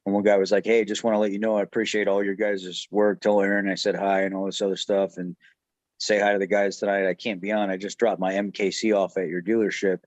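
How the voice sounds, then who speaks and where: Easygoing lower-voiced male host. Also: little pitch movement, quick pace, dry recording, lo-fi sound. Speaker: host of a truck repair channel. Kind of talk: casual talk-show chat.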